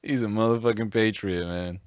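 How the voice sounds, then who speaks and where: A man's voice: lowish voice, steady tone, normal speed, clean tone, dry recording, clean studio sound. A man reacting casually on a live stream, laughing often and swearing freely.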